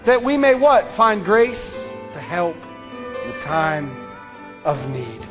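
A man with a notably high voice delivering a fervent sermon in a church service. He rises to ringing declarations and then drops to hushed near-whispers, hammering his points through repetition. Soft music plays faintly behind him. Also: big pitch swings, slow. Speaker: preacher. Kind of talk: impassioned sermon.

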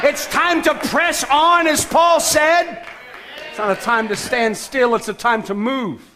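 A man preaching a sermon as pastor, emphatic, with shouted calls to action and sudden soft, low passages. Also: fairly even intonation, a little slow, a faint crowd.

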